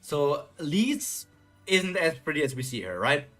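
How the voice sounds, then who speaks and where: A man's voice: on the high side, very animated, measured pace, fairly bright tone, soft background music. A young man hosting a live reaction, reading a comic and musing aloud in a chatty, filler-heavy way. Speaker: reaction video host.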